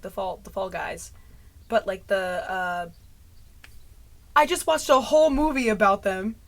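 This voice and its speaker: Her voice on the high side and fairly bright, a woman does a casual talking-head vlog, rambling stream-of-consciousness and laughing at herself. The mic is pushed near clipping.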